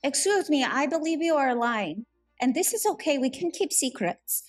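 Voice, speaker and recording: A woman voicing an odd, earnest young woman who speaks in stiff, formal, halting phrases. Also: high voice, animated, faint music behind. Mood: firm.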